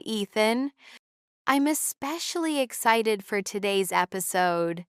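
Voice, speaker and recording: A woman co-hosting an English-learning podcast, speaking slowly and carefully in a scripted dialogue. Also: on the high side, dry recording, studio quality. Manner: slow, clear, carefully enunciated. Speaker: podcast co-host.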